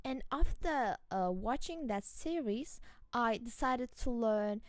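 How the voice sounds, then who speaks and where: Chatty, giggly podcast host, a woman from Türkiye with a Turkish accent; smooth, dry close sound. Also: fairly high pitch, expressive, takes it slowly, no echo. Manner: giggly, chatty, often restarts words. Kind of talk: casual solo chat.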